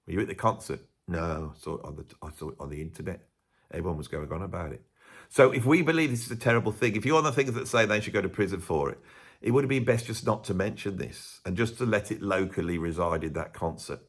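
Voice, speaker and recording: Male commentator, casual monologue to camera, meandering delivery, self-interrupting, rhetorical questions. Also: deep voice. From England. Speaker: YouTube commentator.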